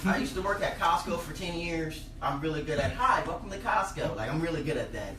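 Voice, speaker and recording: A man doing a stand-up comedy set in a bar, telling stories and acting out the people in them with loud shouted voices. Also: a little high, brisk, a little hiss or hum. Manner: animated, acts out characters with loud shouted voices. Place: bar stage before a live audience. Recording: roomy, distant live club recording. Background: audience laughter.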